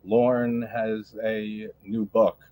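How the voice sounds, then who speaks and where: Lower-voiced man in laid-back chat. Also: level tone, takes it slowly, a little mellow. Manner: laid-back, filler-heavy, laughs often. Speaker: podcast co-host. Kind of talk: casual movie chat stream.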